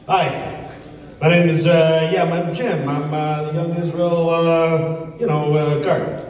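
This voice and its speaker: A man's voice: on the high side, flat delivery, a little mellow, slight background noise. A man playing a bumbling, timid guard. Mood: friendly. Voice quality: hesitant, halting, full of fillers. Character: bumbling, timid male synagogue security guard. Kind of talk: amateur stage comedy skit. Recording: dull, echoey hall from far off.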